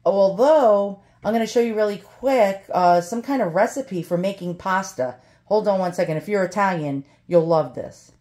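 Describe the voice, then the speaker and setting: A woman's voice: mid-range voice, normal speed, hardly any pauses, dark tone. A woman with a New York accent giving a casual, blunt product review with lots of ums and uhs. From Brooklyn, New York. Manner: chatty, blunt, many fillers.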